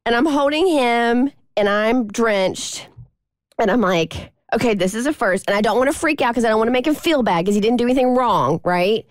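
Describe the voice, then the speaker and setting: A woman co-host tells a story on the radio, her voice bright and high and swooping all over as she acts out each person. She talks in a casual, chatty way into a studio mic with a dry, close sound. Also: expressive, moderate pace, no echo. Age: adult mother of a toddler.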